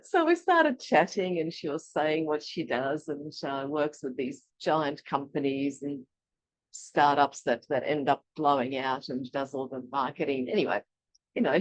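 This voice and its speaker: A woman from Eastern Europe leading an online workshop, talking in a chatty, animated way and laughing often. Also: sits low, no echo, low-quality recording. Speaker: workshop leader. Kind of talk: casual online workshop teaching.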